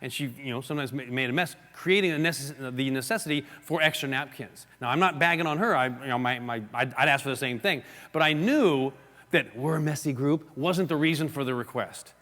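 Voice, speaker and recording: Teaching a live real estate seminar, this man speaks a little fast in a mid-range voice. He tells stories animatedly, acting out gestures and quotes for the audience, with long hall reverb in the recording.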